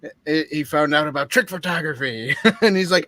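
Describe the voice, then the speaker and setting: Laughing man with a high, dry voice. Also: brisk, no echo. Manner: laughs often, acts out movie quotes in a lively high voice. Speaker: co-host of a movie review show. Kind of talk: casual review chat.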